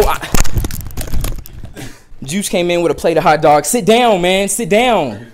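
A young man giving excited live commentary on a football video game, bursting into shouts with friends in the room. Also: sits high, measured pace, pauses often, slight background noise. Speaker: gameplay commentator. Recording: loud music over the voice.

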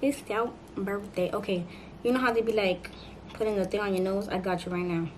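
Young woman, 18, casual vlogger voice, playful and chatty, mid pitch, noisy home recording. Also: fairly even intonation, fast. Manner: chatty, playful, talks straight to viewers. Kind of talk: casual chat to camera.

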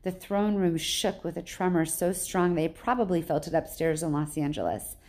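A woman teacher reading a novel aloud in plain, even storytelling with small slips. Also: fairly low pitch, normal speed.

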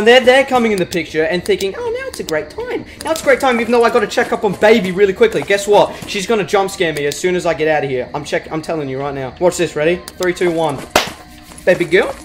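A young adult, doing let's play commentary and trash-talking the game in crude, excitable bursts. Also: medium pitch. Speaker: gaming channel host. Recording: game music playing loudly behind.

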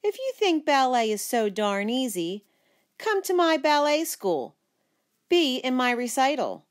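A woman's voice: medium pitch, lively intonation, measured pace, fairly bright tone. A woman voicing a spirited young girl who squeals and stands up defiantly to her brother in a read-aloud story. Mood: daring.

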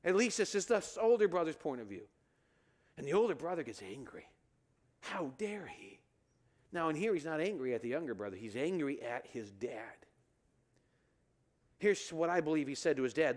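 In a church sanctuary, a male pastor preaches at a moderate pace, his voice high for a man and swinging widely in pitch. He keeps the sermon lively and animated, acting out the brothers' quoted lines with rising pitch.

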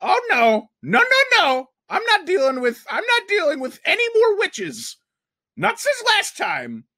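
A woman voicing an excitable, dramatic male cartoon pencil character, rambling and bursting into shouts over background music. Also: extremely high pitch, measured pace, no room sound, full character voice. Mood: frantic. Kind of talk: animated cartoon reaction commentary.

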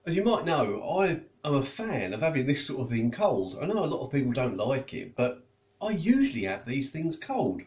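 A man's voice: mid-range voice, sing-song, moderate pace, darkish tone, slight background noise. A man chatting casually as he reviews food, tasting and eating while he talks. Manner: chatty, tastes and eats while talking. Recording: echoey room.

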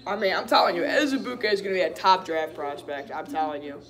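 Talking fast in a high-pitched voice, a frustrated partisan fan gives a live play-by-play reaction. He calls plays, vents excitably and drops "dude" again and again.

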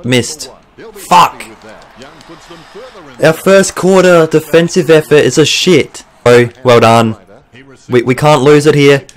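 A man's voice: on the high side, slow, long pauses. A young Australian man commentating his own football video game as he plays, swearing and getting worked up. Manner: swearing, excitable, bursts of frustration. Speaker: gaming YouTuber. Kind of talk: let's play commentary.

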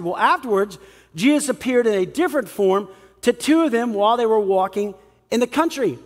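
A man's voice: very high voice, a little fast, big-room sound. A man preaching a sermon as pastor, acting out the people in the story as he talks. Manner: animated, acts out the people in the story. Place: church hall.

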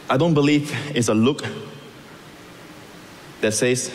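A man preaching a sermon, acting out the scripture voices and moving between loud calls and soft, quiet lines. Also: mid-range voice, lively intonation, moderate pace, long pauses, long reverb tail, slight background noise. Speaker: pastor.

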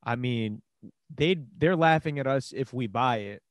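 A man's voice: mid-range voice, measured pace, dry recording. A man from Queens co-hosting a podcast, chatting casually and teasing his co-host, getting heated when he defends his team. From Queens, New York. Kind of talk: casual chat.

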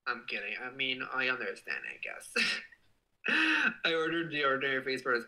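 Bright, gushing livestream chatter. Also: medium pitch, normal speed, rough recording. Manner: playful and gushing, swears affectionately, animated outbursts. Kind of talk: casual livestream chat, reading viewer comments.

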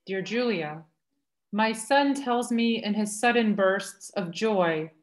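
A woman of middle pitch reads her poems in a slow, deliberate rhythm. She speaks over a video call, taking her time over each line. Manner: slow, measured reading with lively acted quotes. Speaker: poet reading her own work. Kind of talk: poetry reading.

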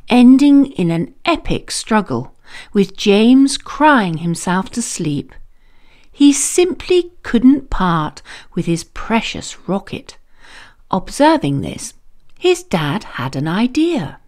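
A woman reading a children's storybook aloud, slow and expressive. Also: mid-range voice.

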